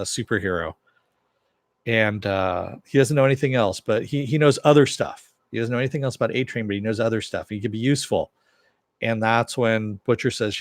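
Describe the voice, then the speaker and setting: Recapping a TV episode in a casual, loose way, this reviewer paraphrases what characters said with "he goes" and fills gaps with many "uh"s. His lowish voice comes through on a dry, studio-quality recording.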